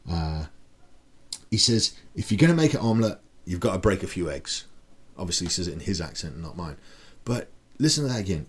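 A middle-aged man hosting a podcast, giving a blunt, profane pep talk full of rhetorical questions. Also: on the low side. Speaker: podcast host. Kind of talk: casual motivational monologue.

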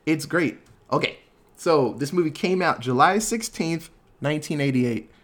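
Easygoing man, slightly high voice. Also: normal speed. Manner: laid-back, swears casually, laughs often. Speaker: podcast co-host. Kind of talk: casual movie review chat.

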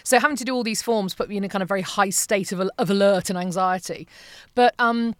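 A woman's voice: mid-range voice, fast, no echo. A woman in her late forties, living in the USA but from abroad, telling a personal story in casual conversation and acting out the voices in it. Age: late 40s. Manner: animated storyteller, acts out quotes, swears freely. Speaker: podcast guest.

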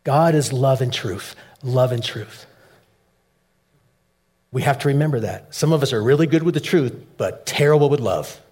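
A man preaching a sermon, shifting between soft low asides and loud, emphatic peaks. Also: normal speed, husky. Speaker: pastor.

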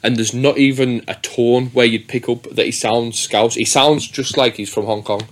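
A man's voice: medium pitch, steady tone, normal speed. Rambling man hosting a podcast. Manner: rambling, swears freely, many restarts. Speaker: podcast host. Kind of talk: casual chat.

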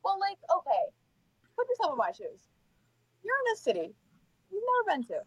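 A woman's voice: high voice, wildly swooping pitch, a little fast, no room sound, poor audio. A young woman co-hosting a podcast, retelling events dramatically and protesting her side in casual chat. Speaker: podcast co-host.

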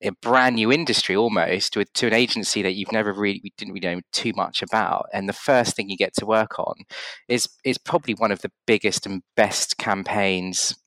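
Brief: low-pitched male podcast host, upbeat, dry close sound. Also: a little fast, a bit bright, no echo, rough recording. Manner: enthusiastic, encouraging, many backchannels. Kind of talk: casual interview chat.

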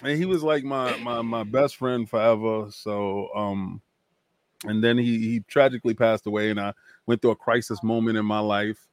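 A man, a guest telling a long story in a casual interview, animated and acting out other people's lines. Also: on the low side, normal speed. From New York.

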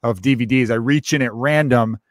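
Fast-talking man hosting a podcast. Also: mid-range voice, no room sound, clean studio sound. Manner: quick, chummy, laughs easily. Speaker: podcast host. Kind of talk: casual podcast chat.

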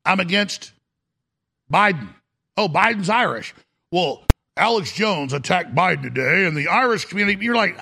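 Gravelly, ranting male talk host. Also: high-pitched, lively intonation, moderate pace, bright, forceful tone. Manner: ranting, emphatic, addresses listeners as folks. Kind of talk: political talk show monologue.

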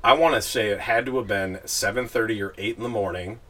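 A man hosting a podcast, gently prompting his guest with casual questions and frequent "right?" check-ins. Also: lowish voice, fast, husky, rough recording. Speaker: podcast host. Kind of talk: interviewing a guest.

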